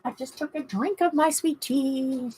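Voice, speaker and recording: A woman's voice: sits high, a little slow, noisy background. A middle-aged woman with a Southern US accent, hosting a casual livestream and chatting in a rambling, gushing way with her viewers. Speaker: livestream host. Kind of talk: casual live-stream chat to viewers.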